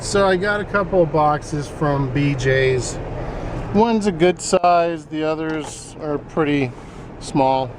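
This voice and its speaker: Chatty man vlogging over street noise. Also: a little high. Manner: chatty, animated storytelling. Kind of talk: casual vlog chat.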